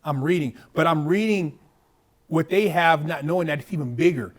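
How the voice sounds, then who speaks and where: A man with a high voice talks as a guest in a casual conversation. His stories are animated and full of swearing. He jumps into other people's lines as he tells them. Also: moderate pace. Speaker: podcast guest.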